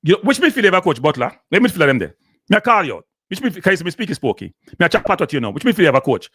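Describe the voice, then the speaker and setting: Jamaican host, heated patois rant, rapid-fire, dry close sound, fairly high voice. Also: male voice, big pitch swings, fairly bright tone, breathy edge, no room sound. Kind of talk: heated live commentary.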